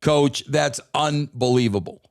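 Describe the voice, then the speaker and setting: A man co-hosting a wrestling talk show, with loose, excitable banter and frequent "bro.". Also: medium pitch, unhurried, vocal fry, dry recording, clean studio sound. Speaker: co-host.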